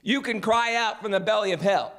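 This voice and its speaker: A man's voice: sits high, brisk, fairly bright tone. A man preaching a Sunday sermon in a church, earnest and building through repeated refrains. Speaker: pastor. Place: church sanctuary.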